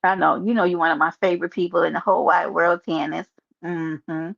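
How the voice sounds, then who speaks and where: A woman's voice: on the low side, flat delivery, a little fast, creaky. A woman with a New York accent hosting a casual livestream, chatting sassily and reading her chat aloud. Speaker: livestream host. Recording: dull lo-fi stream audio.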